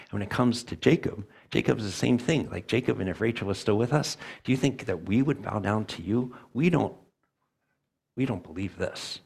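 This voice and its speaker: A man's voice: fairly low pitch, normal speed, vocal fry, darkish tone, breathy edge. A man preaching a sermon as a church elder, earnest and emphatic, often acting out quoted voices.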